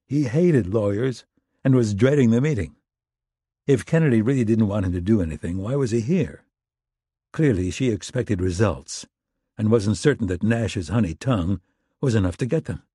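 Low husky male thriller narrator. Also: lively intonation, normal speed, mellow, dry recording, studio quality. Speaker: audiobook narrator.

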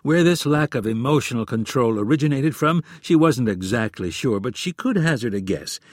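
Guy reading a thriller audiobook, husky and kinda low, super dry close sound. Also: animated, normal speed, no room sound. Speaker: audiobook narrator. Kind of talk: scripted narration.

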